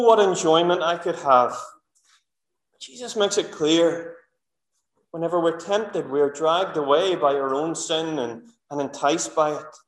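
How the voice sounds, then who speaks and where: A man preaching a sermon in church, earnest and asking the congregation rhetorical questions. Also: sits high. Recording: echoey church room.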